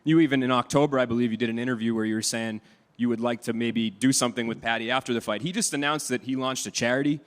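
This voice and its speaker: Fast-talking male reporter, echoey room. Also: medium pitch, steady tone. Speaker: interviewer. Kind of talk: press conference question.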